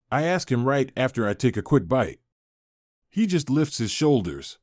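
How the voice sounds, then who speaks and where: A man reading a first-person family story aloud as a scripted narration, in a steady, even manner. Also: medium pitch, moderate pace, dry recording, studio quality.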